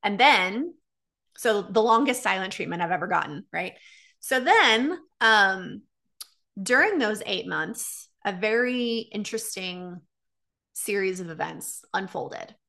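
A woman's voice: mid-range voice, expressive, measured pace, vocal fry, sharp tone. A woman in her thirties candidly telling a personal story, animatedly acting out quoted dialogue.

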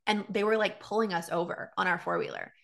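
A middle-aged woman coach giving a casual, chatty talk on emotional triggers, full of "like" and lively asides. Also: mid-range voice, fairly quick, gravelly. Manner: chatty, lots of "like", animated asides. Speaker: coach teaching about triggers. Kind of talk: casual teaching talk to an audience.

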